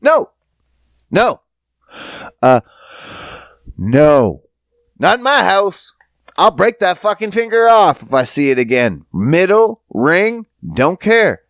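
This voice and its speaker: A man hosting a podcast, telling profane, animated stories in a casual comedic rant, sometimes putting on voices. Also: sits high, a little slow, dry recording. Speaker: podcast host. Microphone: podcast studio mic.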